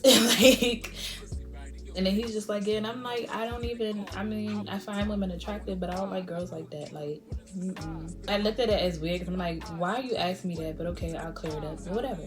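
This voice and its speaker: A woman's voice: medium pitch, a little fast, music in the background. Laughing young woman telling a story. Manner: animated, laughing often, acts out quotes. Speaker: beauty vlogger. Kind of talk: storytime vlog.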